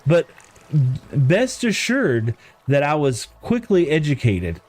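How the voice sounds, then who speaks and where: During a relaxed game stream, a middle-aged man rambles through stories and chuckles as he talks. His voice sits a little high with huge pitch swings and a darkish tone, and he speaks slowly.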